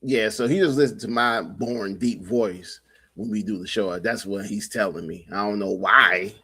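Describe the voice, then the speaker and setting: A man's voice: fairly low pitch, normal speed, pushed and bright, husky. A man co-hosting a podcast in casual banter, teasing his friend and swearing freely. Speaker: podcast co-host.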